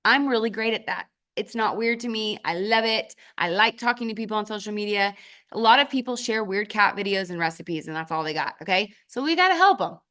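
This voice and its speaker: A woman in the middle of her usual pitch gives a motivational sales training to a team. She speaks in punchy direct commands and jumps sharply up in pitch when she stresses a point. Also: lively intonation, fairly quick, sharp tone. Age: adult with children. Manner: emphatic and punchy, with sudden leaps up in pitch for stress; addresses the audience directly in short commands.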